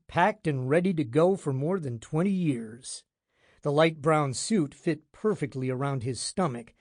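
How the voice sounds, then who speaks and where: A man narrating a hard-boiled detective audiobook in the first person, wry and deadpan. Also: fairly high pitch, no room sound, studio quality.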